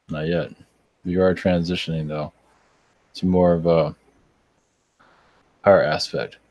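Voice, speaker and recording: A tired man who works as a spiritual channeler, answering chat questions live in a rambling, halting way with many restarts. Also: sits low, a little mellow, no echo. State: tired, yawning.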